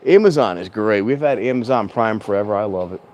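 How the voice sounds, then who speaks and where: A man with a lowish, darkish voice talks fairly quickly and expressively while vlogging outside at a windy train station. He rambles, chats, corrects himself and sometimes gets louder, speaking into a clip-on mic plugged into the phone he holds. The audio is dull, with a little hiss or hum.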